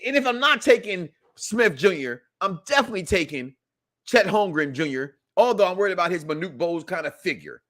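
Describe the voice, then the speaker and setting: A man co-hosting a casual podcast chat, joking and teasing in a lively way. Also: high-pitched, a little fast. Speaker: co-host.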